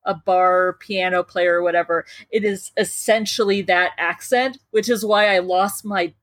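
A woman co-hosts a podcast in easy, casual chat. She gushes with animated enthusiasm. Her voice sits at a middle pitch and is recorded dry and close. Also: moderate pace, no echo. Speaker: podcast co-host.

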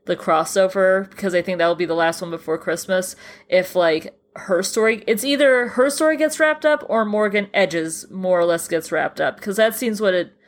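A woman's voice: medium pitch, moderate pace. A woman co-hosting a podcast, chatting casually about a TV episode with a hesitant style full of restarts. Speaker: podcast co-host. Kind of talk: casual chat reviewing a TV episode.

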